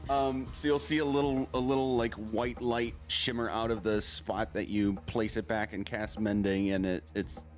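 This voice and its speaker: A man's voice: fairly low pitch, little pitch movement, normal speed, hardly any pauses, soft background music. A man running a tabletop game as game master, talking in a casual, rambling way and laughing often.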